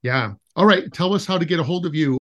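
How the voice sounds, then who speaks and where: A man's voice: on the high side, fast talker. A man hosting an interview podcast, chatting casually and telling stories with frequent laughs. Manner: laughs often, animated when retelling stories. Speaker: podcast host interviewing an educator. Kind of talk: casual conversational storytelling.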